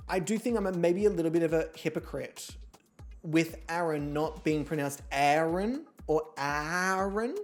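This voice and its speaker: A woman's voice: on the low side, darkish tone. A woman streamer giving casual gameplay commentary from home, with sarcastic, profane, theatrical rants. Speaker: gaming streamer.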